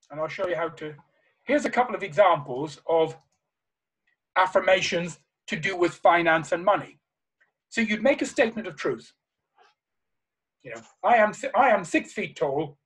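A man's voice: high-pitched, a bit bright, breathy edge, poor audio. A man giving a motivational seminar to a live audience, emphatic and repeating key phrases with passion. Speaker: seminar speaker. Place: live talk before an audience.

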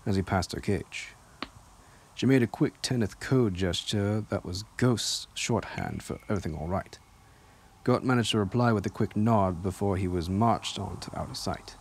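Deep-voiced man reading a novel aloud. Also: moderate pace, slight background noise. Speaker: audiobook reader. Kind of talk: audiobook narration.

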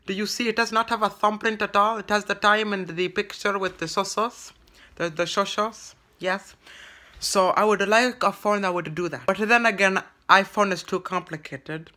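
A bright, sharp-toned vlogger speaks in a put-on broken English. The delivery stumbles and restarts again and again, rambling through a comic monologue close to the camera mic. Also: medium pitch, steady tone. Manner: halting and rambling, full of stammered restarts. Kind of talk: comedic vlog monologue in character.

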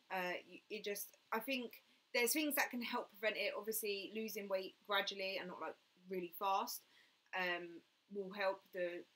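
A woman's voice: medium pitch, fairly bright tone. A young woman hosting a casual fitness live stream, chatting and answering viewer comments with lots of "like" and "mate".

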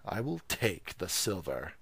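A man voicing a gruff, grasping male gatekeeper in a storybook reading, roaring and mocking. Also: medium pitch, animated, moderate pace, a bit bright, no echo.

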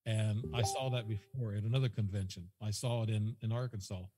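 A man's voice: lowish voice, fairly even intonation, a little fast, mellow, big-room sound, slight background noise. A man as a podcast guest, telling a rambling story that repeats itself and quotes whole conversations. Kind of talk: casual storytelling.

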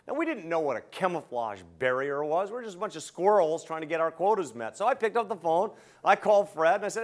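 Older man, sales trainer, animated storyteller, slightly high voice. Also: fast talker, hardly any pauses. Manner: animated, acts out both sides of phone calls.

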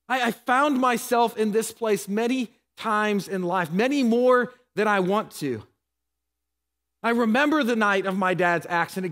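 A man's voice: very high-pitched, normal speed, a bit bright. A married man preaching a sermon as pastor, earnest and emotional, asking his listeners hard rhetorical questions. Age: adult, married. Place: church sanctuary. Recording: long church hall reverb.

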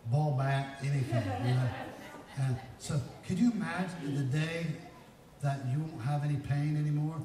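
With a warm, fairly high voice at a moderate pace, a man in his fifties preaches in church, weaving folksy personal stories toward emphatic peaks. The distant mic captures an echoey hall and faint noise.

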